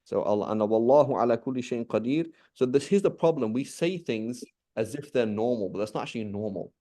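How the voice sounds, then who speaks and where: A man's voice: mid-range voice, fairly quick, mellow. A man teaching an Arabic language class, patiently asking questions and repeating key points. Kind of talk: live online class teaching.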